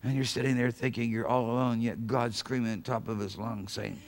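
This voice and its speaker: A man preaching a sermon as pastor of a church, fervent, swinging from hushed passages to shouted calls. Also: medium pitch, little pitch movement, a little fast, hardly any pauses. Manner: acts out quoted voices of God. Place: church sanctuary.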